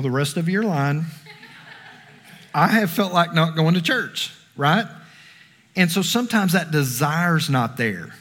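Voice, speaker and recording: A man's voice: on the high side, a bit bright. A man preaching a conversational sermon, asking the congregation questions. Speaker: pastor. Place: church sanctuary. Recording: long reverb of a hall.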